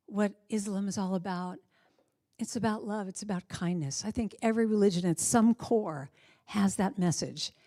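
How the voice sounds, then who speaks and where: Speaking in a church sanctuary, this American woman gives an uplifting Sunday message, telling stories in an earnest, chatty way and dropping in brief asides. She has a mid-range, dark-toned voice, captured dry and studio-clean.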